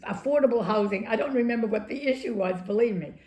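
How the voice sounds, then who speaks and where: Older woman telling lively stories, echoey room. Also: on the high side, fast. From Maryland, USA. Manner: lively raconteur, acts out quotes, laughs often. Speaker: interviewee, former political candidate. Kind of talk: anecdotal storytelling.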